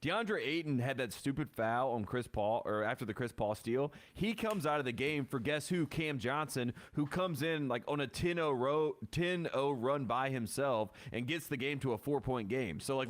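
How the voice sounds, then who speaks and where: A man's voice: medium pitch, normal speed, few pauses. A man co-hosting a sports podcast, giving loose, chatty basketball analysis full of fillers. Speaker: podcast co-host. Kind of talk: casual sports chat.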